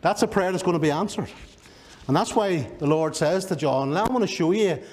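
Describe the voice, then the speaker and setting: A man's voice: high voice, lively intonation, brisk, a little mellow. A male pastor with a Northern Irish accent preaching a sermon, emphatic and driving home key words by repeating them. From Northern Ireland.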